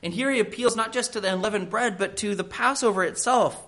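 A man's voice: high-pitched, fast talker, pushed and bright. A man, a pastor, delivering a sermon in an earnest, emphatic preaching manner, often pressing his point with rhetorical questions.

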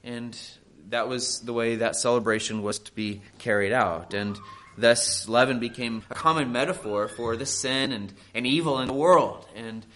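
A man's voice: mid-range voice, moderate pace, a bit bright. A man, a pastor, delivering a sermon in an earnest, emphatic preaching manner, often pressing his point with rhetorical questions.

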